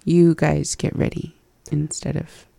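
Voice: medium pitch, little pitch movement, measured pace, vocal fry, warm tone, dry recording. A learner reviewing phrases from a language lesson, hesitant and laughing at their own slips.

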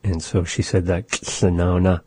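A man giving a casual language lesson, explaining thoughtfully and softly repeating phrases. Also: low-pitched, fairly even intonation, slow pace, dry recording. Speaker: language teacher.

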